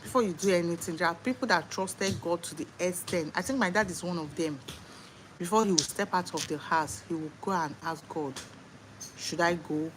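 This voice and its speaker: A young Nigerian mother speaks earnestly and with faith on a casual livestream from home. Her voice sits a little low. A clear hiss of background noise runs under her words. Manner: earnest, faith-filled talk. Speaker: livestream host.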